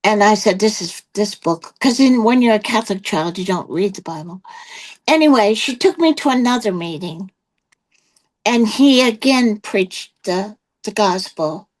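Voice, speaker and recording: A woman's voice: mid-range voice, expressive, moderate pace, low-quality recording. An older woman sits as an interview guest and tells her personal testimony. She rambles through the story with fillers and restarts, acting out the back-and-forth of old conversations as she goes. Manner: rambling storytelling with many quoted exchanges and fillers.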